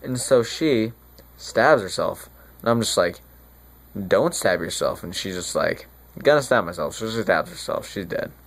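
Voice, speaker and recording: A man playing a remorseful friar who retells a tragedy in casual modern slang, rambling and halting with restarts in a school monologue. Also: on the low side, animated. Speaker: student actor.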